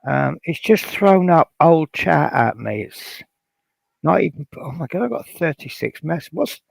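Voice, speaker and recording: A man from Norfolk chats his way through a hobby livestream, reading viewer messages aloud between rambling asides. His voice has a gravelly edge. The sound is dry and close, with no room echo. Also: a little high, expressive, measured pace. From Norfolk, England. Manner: rambling, reads out chat messages with many fillers. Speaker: livestream host. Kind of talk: casual livestream chat.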